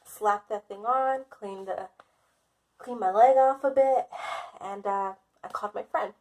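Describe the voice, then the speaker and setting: A woman's voice: medium pitch, measured pace, a little mellow. A woman vlogger telling a casual storytime, dramatic and self-mocking, often laughing.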